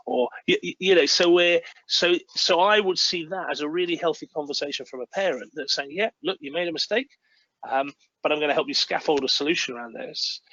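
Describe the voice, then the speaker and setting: A man's voice: a little high, brisk, fairly bright tone, no room sound, lo-fi sound. A man speaking earnestly about parenting as a webinar guest, sometimes acting out little parent-child dialogues. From United Kingdom. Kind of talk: webinar talk. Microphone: video call.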